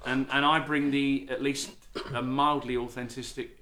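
A man from England with a softened London accent, a band leader chatting casually and self-deprecatingly in a radio studio. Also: mid-range voice, little pitch movement, measured pace, a crowd in the background. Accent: London English, softened. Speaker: band leader, guest musician.

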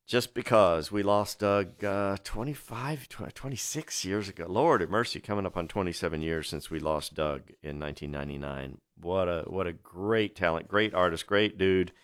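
Low-voiced male radio DJ, chatty and enthusiastic storyteller. Dry, close studio mic. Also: moderate pace, few pauses, no echo. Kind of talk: radio music show patter.

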